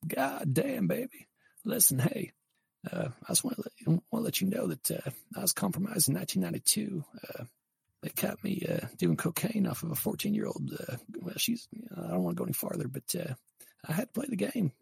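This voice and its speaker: A man's voice: sits high, sing-song, fairly quick, creaky, darkish tone, breathy edge, no echo, pitched above the performer's own voice, full character voice. A man doing a drawling sleazy old politician. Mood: boastful, sleazy. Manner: drawling, profane, rambling confessions. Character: drawling aging male politician, crude, high, boastful.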